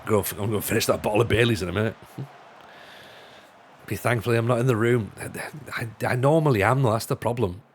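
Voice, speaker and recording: A man's voice: on the low side, quick pace, slight background noise. A man chatting casually on a live stream while gaming, rambling and joking with lots of restarts. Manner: rambling, jokey, full of restarts and laughs. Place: home room.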